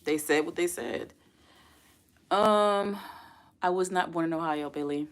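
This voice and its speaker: A woman's voice: fairly low pitch, unhurried, pauses often. A young adult woman hosting a casual livestream, chatting with viewers, calling them y'all and putting questions to her chat. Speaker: livestream host.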